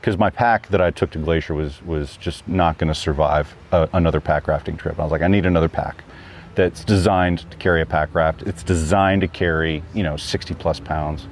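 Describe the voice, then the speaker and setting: A man's voice: extremely low pitch, steady tone, brisk, slight background noise. A man being interviewed about a trip, talking casually and rambling with lots of fillers and restarts. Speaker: guest hiker. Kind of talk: casual chat.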